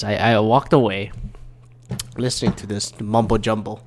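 A young man from Michigan hosts his own solo podcast, ranting casually with plenty of swearing, rambling and stumbling into frequent restarts. His voice is fairly low and his speed normal.

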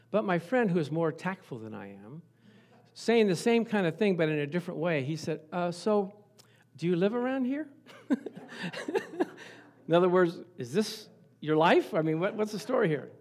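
A man preaching a sermon, telling lively stories and acting out the voices of the people in them. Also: on the high side. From Italian family background. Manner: animated storytelling, acts out voices. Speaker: pastor.

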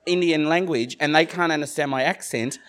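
A man's voice: fairly high pitch, a little fast. A man with an Australian accent telling a funny story in casual chat, laughing as he goes. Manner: lively, laughing.

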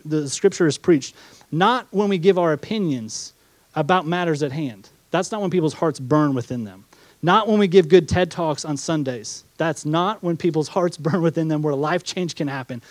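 A man's voice: a little high, normal speed, dry recording. A man preaching a sermon as pastor, reading scripture aloud and explaining it with rhetorical questions and acted-out asides. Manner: acts out the disciples' doubts in quoted asides.

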